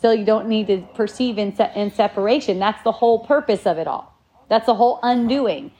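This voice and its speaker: A woman's voice: medium pitch, a little fast, dark tone. A woman in a casual spiritual talk, speaking in a rambling, reflective way with many restarts.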